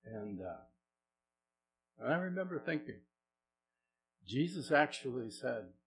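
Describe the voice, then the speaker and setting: A middle-aged pastor preaches conversationally, asking the congregation questions and shifting between soft and loud delivery. His mid-range voice is sing-song, slow and creaky, on a rough recording with slight background noise.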